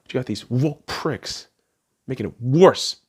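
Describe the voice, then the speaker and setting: Young male podcast host, profane, animated sports rant, voice leaping up and down. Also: unhurried, husky. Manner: excitable, swings from low mutters to loud outbursts.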